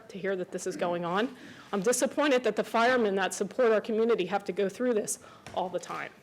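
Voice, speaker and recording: A woman's voice: mid-range voice, low-quality recording. Resident woman, forties, earnest and emotional, pleading at a county meeting. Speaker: resident speaking at public comment. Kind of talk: public comment at county meeting.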